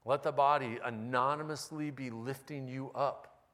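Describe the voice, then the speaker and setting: A man's voice: mid-range voice, steady tone, normal speed, a bit bright. A male pastor giving a conversational sermon with wry, self-deprecating humor. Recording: long reverb of a large hall.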